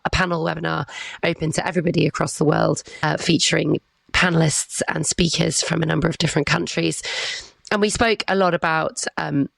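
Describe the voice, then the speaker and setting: Guest: woman, husky from a cold, gravelly fry throughout, chatty and bright in manner. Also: deep voice, no room sound. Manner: chatty, upbeat, laughs easily. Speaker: guest, awards organiser. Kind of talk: casual interview chat.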